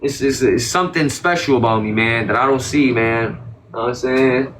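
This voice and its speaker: Casual male interview guest, bright and forceful tone, repeats himself, slangy and defensive. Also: mid-range voice, moderate pace, a little hiss or hum. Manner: emphatic, repetitive, slangy and defensive.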